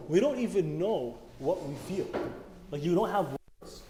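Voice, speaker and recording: A man with a high, expressive voice speaks a little slowly as he gives a laid-back, conversational sermon to a church youth meeting. He often quizzes the audience, and the sound is echoey with faint noise from the hall.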